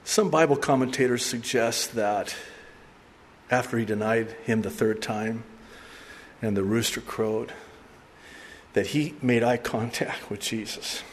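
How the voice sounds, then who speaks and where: A man's voice: mid-range voice, unhurried, pauses often, slight background noise. A man preaching a sermon, telling the story animatedly and acting out voices with humor. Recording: distant voice with long hall reverb, faint ambience.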